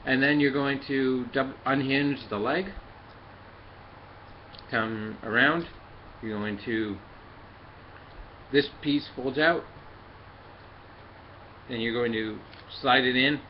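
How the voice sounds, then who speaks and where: A man talks through a hands-on toy review in a mid-pitched voice, pausing often with fillers as he works the parts. The recording sounds a little dull and lo-fi, with a faint hiss underneath. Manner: halting, many fillers, talks while handling the toy. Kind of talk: casual hands-on review and demonstration.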